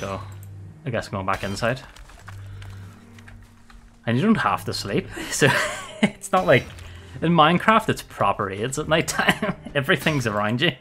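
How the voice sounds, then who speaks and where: A young man talks through his game in a loose, chatty way. He laughs often and swears at enemies, in a voice of middle pitch with faint music behind him. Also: pushed and bright. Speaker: gaming streamer. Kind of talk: casual gameplay commentary.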